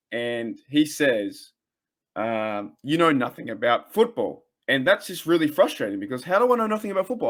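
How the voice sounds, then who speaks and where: A man's voice: medium pitch, a bit bright. An Australian man in his thirties hosting a casual sports fan podcast, ranting in a rambling, heated way with frequent restarts. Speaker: podcast host.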